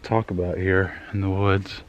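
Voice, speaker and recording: A young man with a very low voice talks while he walks outdoors, slightly out of breath. He rambles, trails off and pokes fun at himself. A faint outdoor hush sits behind him. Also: level tone, moderate pace, a little hiss or hum. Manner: rambling, self-deprecating, trailing off. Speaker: vlogger. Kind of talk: casual rambling vlog. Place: outdoors in the woods, walking.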